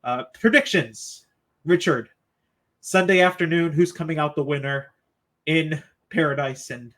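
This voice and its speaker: A man's voice: fairly high pitch, unhurried, a bit bright. A man hosting a sports podcast, chatting casually and asking his co-hosts for predictions. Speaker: podcast host.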